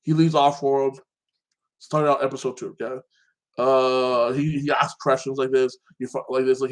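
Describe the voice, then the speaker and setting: Male host, casual recap talk, rambling and opinionated, heavy filler, mid-pitched voice. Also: little pitch movement, normal speed. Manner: rambling, fills with "like that" and restarts; opinionated, ranting about plot holes.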